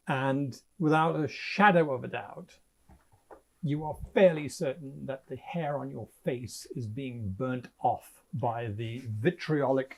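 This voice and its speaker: A man narrating a tabletop game as game master, describing scenes vividly and with dry jokes. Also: mid-range voice. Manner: drawn-out, vividly descriptive, dryly joking.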